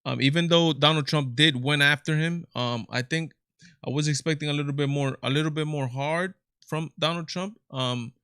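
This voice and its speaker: A man's voice: on the high side, normal speed, bright, forceful tone, smooth, dry recording, clean studio sound. A man hosting a casual political livestream, rambling with lots of fillers and restarts. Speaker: livestream show host. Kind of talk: casual commentary with chat reading.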